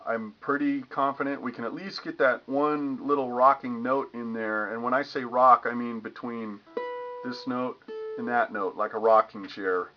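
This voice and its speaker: A man's voice: medium pitch, steady tone, normal speed. A man giving a casual guitar lesson, explaining strumming patterns and humming the rhythms as he demonstrates. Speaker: guitar teacher. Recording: lo-fi with guitar playing.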